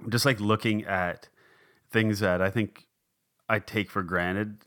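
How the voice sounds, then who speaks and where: A man's voice: fairly low pitch, fairly even intonation, slow pace, fairly bright tone. A man hosting a podcast in casual, jokey, rambling chat with friends. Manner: jokey, rambling, crude humor. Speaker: podcast host.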